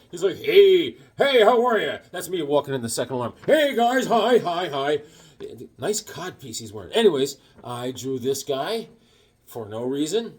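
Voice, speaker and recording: A middle-aged man chatting casually to camera about comic books, jokey and wisecracking. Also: on the high side. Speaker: comic book vlogger. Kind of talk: casual rambling chat to camera.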